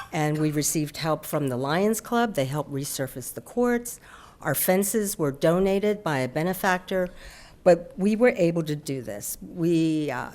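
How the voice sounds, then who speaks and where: A woman's voice: sits low, a little mellow. A woman giving an insistent, unscripted public comment at a city council meeting, sometimes stumbling and restarting.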